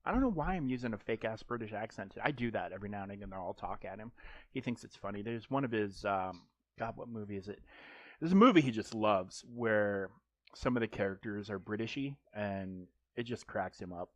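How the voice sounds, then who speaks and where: A man's voice: lowish voice, fairly quick, dry recording. A man streaming a mobile game live, chatting casually and joking, rambling with frequent ums and restarts.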